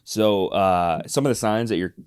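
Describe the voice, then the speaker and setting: A man co-hosting a podcast, telling a spooky story in casual chat, rambling with restarts and quick laughs. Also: lowish voice, a little mellow, clean tone, no echo, clean studio sound. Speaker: podcast co-host.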